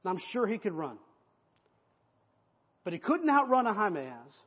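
A male pastor preaching an expository sermon in an animated, conversational style, recorded in a church with an echoey hall and dull lo-fi sound. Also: high-pitched, unhurried, slightly rough.

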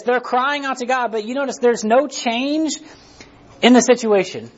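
A man's voice: very high voice, normal speed, dull audio. A man preaching a sermon in a conversational way, often checking in with "right?" and restarting his sentences. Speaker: pastor.

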